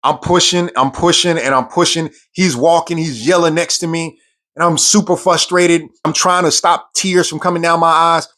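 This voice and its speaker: A man's voice: on the high side, steady tone, moderate pace, sharp tone. A man, a military veteran, telling a personal story in an earnest, emphatic way, often repeating words for stress.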